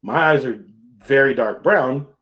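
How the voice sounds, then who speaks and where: A man's voice: mid-range voice, unhurried. A man from Texas with a light Texas accent, chatting casually and rambling with fillers on a stream. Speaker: streamer guest. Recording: dull lo-fi stream audio.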